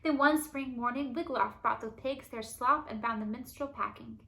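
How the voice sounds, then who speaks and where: A woman reading a children's chapter book aloud for a library book club. Her reading is lively and expressive. Her voice is bright and somewhat high. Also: moderate pace, gravelly, slight background noise. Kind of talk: storybook read-aloud.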